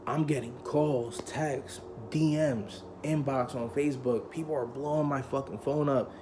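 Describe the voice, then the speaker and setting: A man's voice: medium pitch, a little slow, few pauses, a little hiss or hum. A young adult man telling a personal story in casual, slangy talk, swearing often and acting out the people he quotes. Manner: heavy profanity, slangy, loose and conversational; animated, acts out quoted people.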